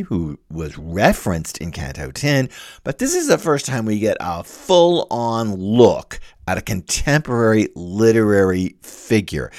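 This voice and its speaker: Male lecturer, lower voice with a wide, lively pitch, dry close sound, reads quotes and comments on them. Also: no room sound. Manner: animated, reads quotations aloud and comments on them. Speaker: literature lecturer. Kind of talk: informal lecture.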